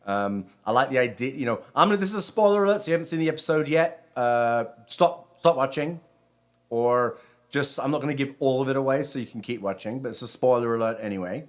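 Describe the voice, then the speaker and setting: A man from Britain, a rabbi, talks through a spiritual theme in a loose, conversational ramble. His voice sits at an ordinary middle pitch. He often restarts his sentences before finishing a thought. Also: brisk. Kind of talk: casual spiritual talk.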